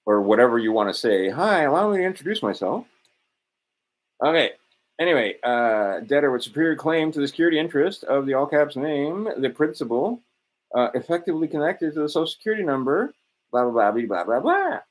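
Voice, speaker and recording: A man's voice: medium pitch, sing-song, fairly quick. A man in a rambling, self-assured monologue, swearing often and drifting between points. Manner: profane, digressive, self-assured.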